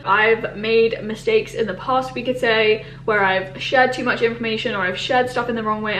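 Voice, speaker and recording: A young woman with a somewhat high voice talks through viewer questions in a casual vlog. She is candid and emphatic, rambling along with lots of fillers. The sound is roomy and echoey. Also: slight background noise. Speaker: YouTuber answering viewer questions. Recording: roomy echo.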